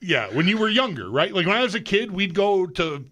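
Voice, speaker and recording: A man's voice: high voice, sing-song, brisk, pushed and bright. A man co-hosting a sports talk radio show, chatting casually with hedges and stumbling starts.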